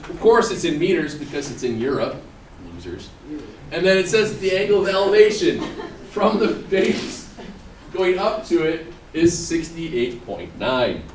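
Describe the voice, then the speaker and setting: A man's voice: fairly high pitch, unhurried. A man teaching math to a class, joking and laughing often as he talks. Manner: playful, laughs often, animated. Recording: echoey classroom from far off with students.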